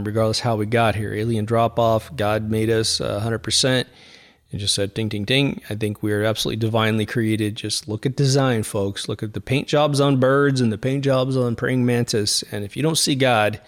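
Male podcast host, middle-aged, casual rambling talk with lots of asides. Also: medium pitch. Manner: rambling, conversational, frequent asides. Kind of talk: casual monologue.

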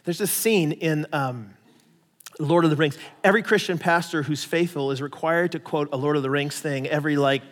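A male pastor preaching a lively, conversational sermon with casual asides. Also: a little high, normal speed, big-room sound. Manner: animated, conversational preaching with asides and paraphrased voices.

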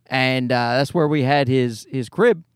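A man's voice: mid-range voice, a little slow, smooth, dry recording, clean studio sound. A man in his thirties hosting a podcast, ranting in a casual comedic way, exasperated and profane, rambling with restarts. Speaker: podcast host.

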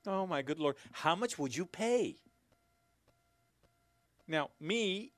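A man's voice: a little high, big pitch swings, measured pace, long pauses, a bit bright, dry recording. A man hosting his own commentary, sarcastic and rambling, chuckling at his own jokes. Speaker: commentary host. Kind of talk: casual commentary to camera.

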